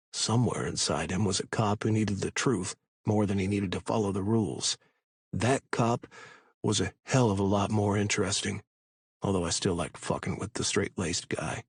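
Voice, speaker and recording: A man narrating a romance audiobook in the first person, in an even, casual way. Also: fairly low pitch, normal speed, husky, dry recording, studio quality.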